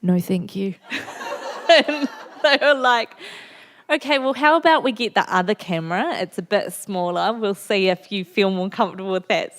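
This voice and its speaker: A woman's voice: fairly high pitch, normal speed. A woman in her thirties with a New Zealand accent, a guest author telling candid, funny stories on a festival stage. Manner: candid, funny storytelling with frequent laughter. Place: festival venue before an audience.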